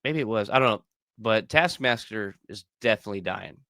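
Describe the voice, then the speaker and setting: A man co-hosting a casual fan podcast, excitedly rambling and repeating himself as he talks. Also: fairly low pitch, fairly quick, no echo, clean studio sound. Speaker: podcast co-host.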